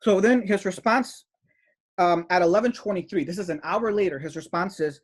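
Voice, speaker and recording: An indignant man delivers a running commentary on chat messages, circling back over the same points with a steady stream of "you know" and "right?". His voice is husky and pitched a little higher than most men's. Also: fairly quick. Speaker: teacher of an esoteric study group.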